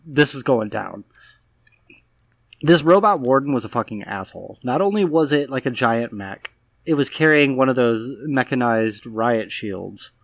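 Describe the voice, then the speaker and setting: Male podcast co-host, mid pitch, rambling and profane, dry close mic. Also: lively intonation, moderate pace, dry recording. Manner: rambling, frequent restarts and swearing. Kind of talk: casual gaming chat.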